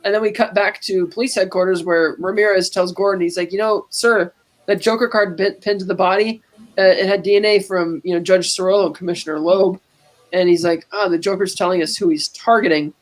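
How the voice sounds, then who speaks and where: Woman co-host, mid-pitched and casual, walking through a film scene by scene. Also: fairly even intonation, fairly quick. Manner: retells scenes quoting lines with "he's like". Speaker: podcast co-host. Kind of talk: casual movie recap.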